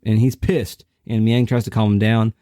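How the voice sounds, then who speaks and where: Male co-host, casual chat, low mellow voice, laid-back, slangy, dry sound. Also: level tone, normal speed, dry recording. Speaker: podcast co-host.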